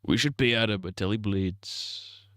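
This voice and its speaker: A man's voice: fairly low pitch, measured pace, fairly bright tone, no echo, studio quality. A young man rambling crude jokes on a casual gaming livestream. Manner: crude, rambling, giggly banter.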